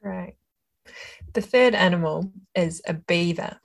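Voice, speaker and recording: Low-voiced woman hosting an interview. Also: slow pace, creaky. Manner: thoughtful, hesitant restarts while asking. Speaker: podcast host. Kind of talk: casual interview chat.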